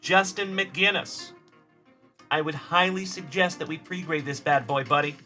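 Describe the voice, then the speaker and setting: A man with a bright, slightly high voice hosts a card-opening livestream. He chats warmly with viewers as he reads their comments, calling them buddy, while faint music plays behind him. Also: a little fast. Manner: upbeat and friendly, calling viewers buddy and brother. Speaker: host of a card-breaking livestream. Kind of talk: live stream chat, reading viewer comments.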